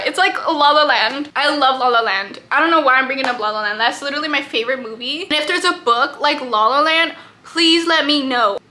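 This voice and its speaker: A woman's voice: sits high, lively intonation, fast talker, sharp tone. A woman book vlogger talking casually and animatedly, getting worked up about the characters as she reviews her reads.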